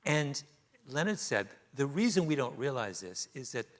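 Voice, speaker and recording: Animated male storyteller, lively pitch. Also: moderate pace. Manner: animated storytelling, laughing often. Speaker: author guest. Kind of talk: onstage conversation. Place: theater stage before an audience.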